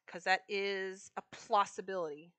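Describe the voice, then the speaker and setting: A woman's voice: medium pitch, steady tone, moderate pace, sharp tone, smooth. A woman live streaming a video game, chatting casually with her viewers while she decorates.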